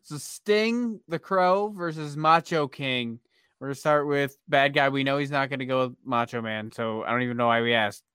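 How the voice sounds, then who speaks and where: A man's voice: medium pitch, normal speed, a bit bright, smooth, no room sound, studio quality. A man hosting a casual group chat, leading the picks and teasing the others. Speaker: podcast host running a bracket.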